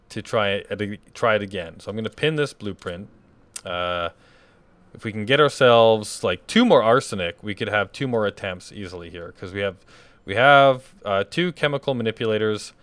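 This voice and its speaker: A man with a fairly low voice talks through his gameplay in a loose, chatty way. He thinks aloud, pausing on fillers as he weighs his next move, then wraps up like a channel host addressing his viewers. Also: fairly bright tone, no echo. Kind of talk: casual gameplay commentary.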